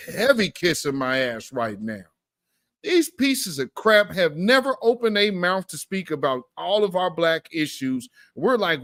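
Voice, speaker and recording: A man's voice: high-pitched, a bit bright, no echo, clean studio sound. A man hosting a political commentary show, talking in an emphatic, slangy, fired-up way.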